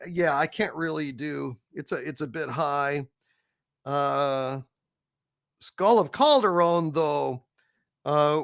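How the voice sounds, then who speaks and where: A man's voice: a little high, vocal fry, a bit bright, dry recording, clean studio sound. A man hosting a casual livestream, rambling with many fillers as he hails viewers and reads their messages. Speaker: livestream host.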